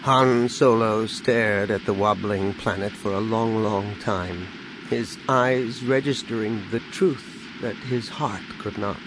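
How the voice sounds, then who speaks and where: Man narrating an audiobook, steady and measured, noisy hiss behind him. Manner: measured, dropping low on sad lines. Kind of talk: scripted narration. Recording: steady background noise.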